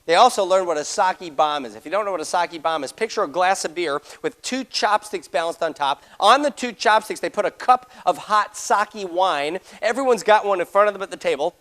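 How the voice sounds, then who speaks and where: A middle-aged man giving a motivational seminar, telling a story fast and acting out the voices of the people in it. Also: high-pitched, animated, fairly bright tone. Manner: rapid-fire, acts out quoted voices. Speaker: motivational speaker.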